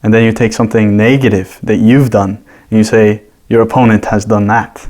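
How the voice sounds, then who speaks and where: A man's voice: on the low side, little pitch movement, a little fast, darkish tone. A man as a guest on a podcast, explaining his ideas casually and at length with examples. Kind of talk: casual conversational interview.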